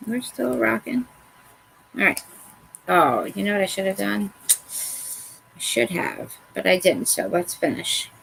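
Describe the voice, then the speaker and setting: Woman craft host, chatty and self-mocking, a gravelly edge, mid-range voice. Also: medium pitch, very animated, a little slow, long pauses, a bit bright, a little hiss or hum, rough recording. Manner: chatty, talks to herself while working, self-mocking. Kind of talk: casual how-to talk while working.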